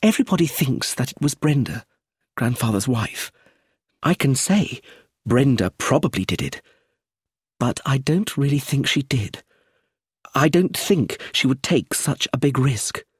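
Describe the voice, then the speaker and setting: A man voicing a tense young woman of a wealthy family, speaking earnestly and uneasily in a raised, husky storybook voice. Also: mid-range voice, very animated, unhurried, no echo, clean studio sound, pitched above the performer's own voice, exaggerated voice. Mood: reflective. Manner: earnest, uneasy, quietly intense.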